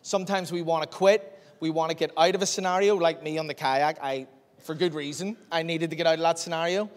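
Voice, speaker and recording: A man preaches in a church hall, telling stories with animated energy and acting out every line of dialogue. His voice sits a little high, and a long reverb trails behind it. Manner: lively, animated storyteller who acts out dialogue. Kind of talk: storytelling sermon.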